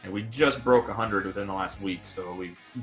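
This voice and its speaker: A man's voice: on the low side, a little fast, soft background music. A man hosting a podcast, chatting casually and rambling with fillers about the show. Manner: relaxed, rambling, many fillers. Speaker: podcast host. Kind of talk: casual chat.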